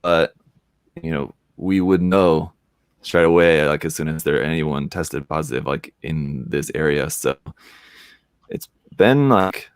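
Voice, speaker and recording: Deep-voiced man, loose casual talk. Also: smooth, dry recording. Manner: quick, loose, filler-heavy. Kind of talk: casual chat. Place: lives in Korea.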